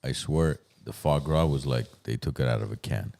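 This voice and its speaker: A man's voice: extremely low pitch, normal speed, gravelly, a little mellow. A man co-hosting a podcast in casual chat, talking emphatically and calling people "bro".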